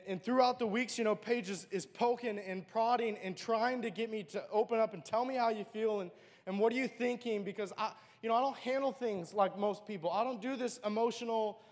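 A man with a notably high voice tells an earnest, emotional personal testimony. His words ring out with a long hall reverb trailing behind them. He speaks as a church speaker sharing his own story. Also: fairly even intonation, fairly quick.

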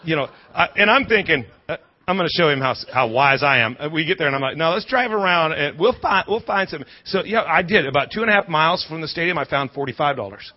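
A man's voice: fairly high pitch, expressive, fast. A male pastor telling a story in a sermon, chatty, with frequent restarts and questions to the congregation. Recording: slightly dull recording.

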